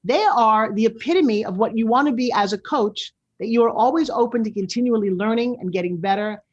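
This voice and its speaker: A woman in her sixties with a New York accent, hosting a show in a loud, brash, animated way. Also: on the high side, brisk, lo-fi sound. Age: 60s. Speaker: show host. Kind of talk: casual talk-show monologue.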